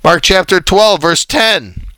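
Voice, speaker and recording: A man's voice: sits high, slow, sharp tone, no room sound. A man leading a Bible study as a preacher, scolding his listeners and reading scripture aloud in an exasperated tone. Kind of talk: combative Bible study sermon.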